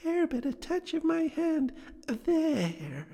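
A high, slow, gentle ghost. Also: male voice, very animated, vocal fry, full character voice. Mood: solemn. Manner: slow, high, drawn-out falsetto. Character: gentle, mild otherworldly ghost of the past. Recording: long hall reverb.

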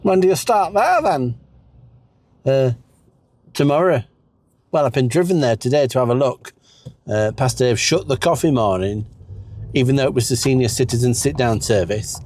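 A man in a comedic character chat, rambling in a deadpan way with snobbish asides. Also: medium pitch, normal speed, pauses often.

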